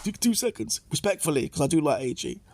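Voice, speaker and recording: A man's voice: a little high, sing-song, fast, a little mellow, slight background noise. A man putting on a radio DJ who coaxes and pleads for a favor. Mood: pleading. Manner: coaxing, repetitive pleading.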